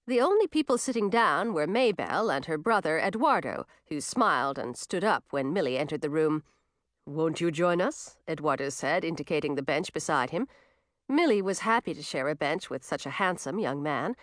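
A woman narrating a fantasy story in an expressive audiobook reading. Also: low voice, fairly quick, dry recording, clean studio sound.

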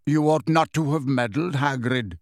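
A man voicing a calm, stern male centaur elder who speaks smoothly and in measured tones. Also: medium pitch, dry recording, clean studio sound, lightly acted.

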